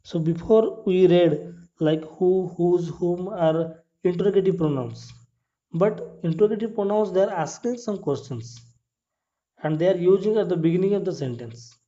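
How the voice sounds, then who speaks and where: Guy teaching english grammar, slightly high voice, mellow tone, goes over each point again and asks if it's clear. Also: normal speed. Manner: explains step by step, repeats points, asks "clear?"; non-native English with grammar slips. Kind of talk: classroom grammar lesson. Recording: dull lo-fi recording.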